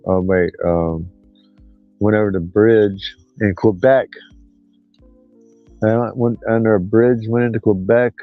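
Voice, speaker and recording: A man, rambling through a casual livestream chat as host in a folksy, drawn-out way. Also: on the low side, steady tone, no room sound, soft background music. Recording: dull lo-fi dry sound.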